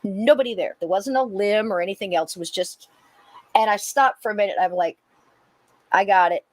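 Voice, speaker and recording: A woman hosting a podcast, telling a personal story in a lively way and acting out the dialogue. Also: medium pitch, fairly quick, no echo. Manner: animated, acts out dialogue with laughs. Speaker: podcast host. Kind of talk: casual storytelling chat.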